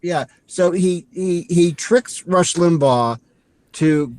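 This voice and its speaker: A man's voice: a little high, darkish tone. A man co-hosting a podcast, casually recapping a movie in a rambling way and acting out lines as he goes. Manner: rambling, acts out lines with quick asides. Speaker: podcast co-host.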